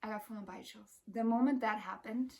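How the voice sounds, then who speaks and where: A woman's voice: mid-range voice, fairly quick, recorded from a distance. A woman talking casually to her viewers about a spiritual experience, emphatic and intense, with lots of "like" in her speech. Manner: emphatic, intense, heavy use of "like". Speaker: spiritual vlogger. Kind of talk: casual spiritual vlog talk.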